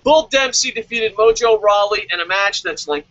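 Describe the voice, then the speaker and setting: A man rants through a wrestling review, swearing nonstop and jumping into mocking voices. His voice sits very high and bright. The recording is dry and a little dull, with no room sound. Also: normal speed, hardly any pauses, no room sound. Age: adult, calls himself old. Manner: loud, excitable, constantly swearing, acts out mocking voices. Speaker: wrestling vlog host. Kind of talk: profane comedic rant. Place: lives in Tokyo.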